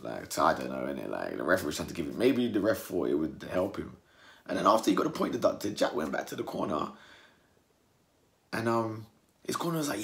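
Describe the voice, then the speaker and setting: A young man from England talks through a fight he just watched in a casual monologue. His voice sits very low with a gravelly fry, and now and then he jumps into mocking impressions of the fighters. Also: a little fast. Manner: animated, acts out fighters' words in mocking high voices. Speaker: boxing commentator.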